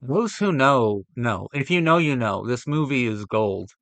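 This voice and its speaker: A young man reacting to a movie ranking, swearing often and swinging between loud exasperated outbursts and low muttering. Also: expressive, a little slow, no room sound. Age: young adult. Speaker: film reaction vlogger. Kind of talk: ranting reaction to a movie list.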